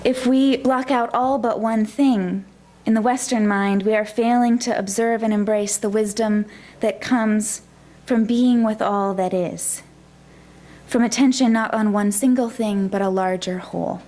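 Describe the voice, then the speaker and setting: A woman minister preaching a gentle, reflective sermon in a church. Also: a little high, fairly even intonation, measured pace.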